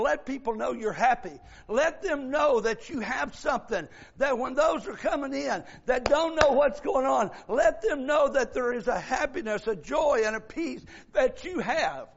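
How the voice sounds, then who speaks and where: Older man, high voice, fervent sermon delivery, dull lo-fi church tape. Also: gravelly, a bit bright. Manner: fervent, drawn-out preaching with scripture quotes. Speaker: preacher.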